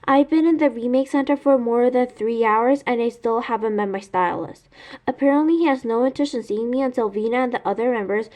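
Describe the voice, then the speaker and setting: A woman reads a novel aloud in first person with a steady delivery. She makes small slips and corrects herself as she goes. Her voice sits somewhat high. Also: fairly quick. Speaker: reader.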